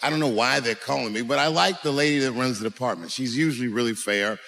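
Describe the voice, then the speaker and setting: A man doing profane, animated stand-up storytelling on stage with a handheld mic, punching up lines with sudden shouts. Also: medium pitch, fast talker, gravelly. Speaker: stand-up comedian. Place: stage in a large venue. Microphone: handheld microphone. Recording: echoey live venue.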